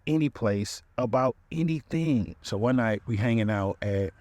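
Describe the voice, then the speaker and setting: A man hosts a podcast, spinning a comic dating story in a lively, conversational style and jumping into the voices of the people he quotes. His voice sits in a middle range, and the recording is dry and close with no room sound. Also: medium pitch, normal speed, no room sound. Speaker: podcast host.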